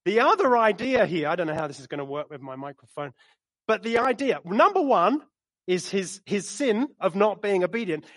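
A man preaching a sermon in a church, animated and storytelling, speaking into a microphone. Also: sits high, normal speed. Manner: animated, storytelling, acts out quotes with laughs. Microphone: microphone he moves around while preaching.

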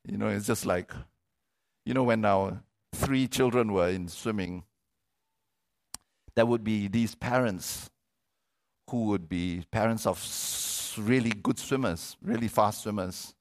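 A man's voice: lowish voice, slow pace. Middle-aged man preaching a sermon. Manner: animated, repeats words, asks the crowd for amens. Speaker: pastor.

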